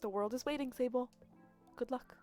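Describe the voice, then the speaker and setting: Woman streamer voicing a gentle older guardian woman; soft, earnest game read-aloud. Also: fairly high pitch, normal speed, faint music behind, voice pushed up, close to an everyday voice. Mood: tender farewell.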